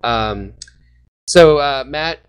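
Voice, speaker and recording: A man's voice: on the high side, expressive, drawn-out words, crowd noise. Joking podcast host, man. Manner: jokey, bursts into shouting. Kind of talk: casual fan podcast chat.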